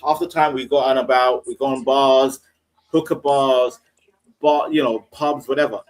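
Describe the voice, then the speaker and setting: A man's voice: mid-range voice, steady tone, normal speed. A man on a discussion panel, ranting bluntly and profanely. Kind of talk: casual panel rant.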